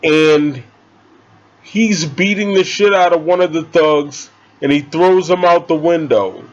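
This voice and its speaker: Excitable male movie reviewer, high-pitched, slow and rambling, lo-fi sound. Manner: rambling and excitable, swears casually. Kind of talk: casual spoken movie review.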